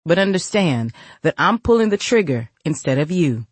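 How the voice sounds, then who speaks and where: A woman's voice: deep voice, very animated, moderate pace, slightly rough, no room sound, full character voice. A woman voicing a stern, protective older grandmother who speaks in firm warnings.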